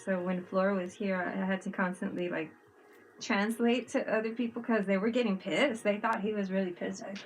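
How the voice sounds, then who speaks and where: A woman chatting casually on a livestream, telling animated stories, laughing often and swearing freely. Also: mid-range voice, normal speed, a little hiss or hum. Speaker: livestream co-host. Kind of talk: casual chat.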